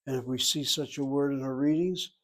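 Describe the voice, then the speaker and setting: A man teaching a Hebrew grammar lesson, sounding out words slowly and repeating them for his students. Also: medium pitch, fairly even intonation, fairly bright tone, poor audio.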